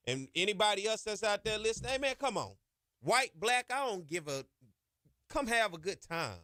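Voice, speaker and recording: A man's voice: high voice, very animated, normal speed, pauses often, sharp tone, no room sound, studio quality. A man hosting a sports podcast, talking emphatically and colloquially with lots of "y'all" and "ain't.". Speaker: podcast host. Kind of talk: impassioned sports podcast monologue.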